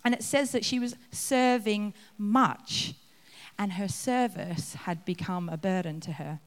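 A woman's voice: mid-range voice, unhurried. A woman giving a conversational sermon, acting out the scenes she describes. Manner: conversational, acts out scenes with laughs. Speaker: preacher. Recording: long reverb of a hall.

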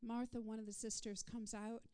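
A woman preaching a sermon, swinging from soft whispered passages to loud, rising declarations in a repetitive call-and-response rhythm. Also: fairly high pitch, little pitch movement, moderate pace, smooth.

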